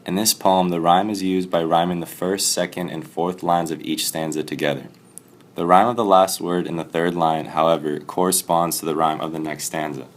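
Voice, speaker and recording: A man reading a poem aloud and then presenting a poetry analysis for class in a plain, steady way. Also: low-pitched, moderate pace.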